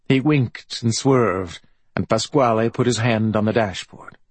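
A male audiobook narrator with a low, husky voice. He reads in an even, measured way, recorded dry and close. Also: dry recording.

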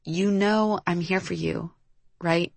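A woman's voice: lowish voice, fairly even intonation, slow pace, creaky, no room sound. A woman voicing a young woman who is a blunt, worried best friend, pressing for answers. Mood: concerned.

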